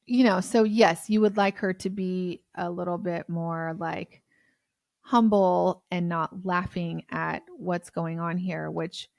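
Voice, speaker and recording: A woman's voice: fairly low pitch, dry recording, studio quality. A woman co-hosting a true-crime podcast, talking in a blunt, chatty way and swearing freely. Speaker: podcast co-host. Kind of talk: casual true-crime chat.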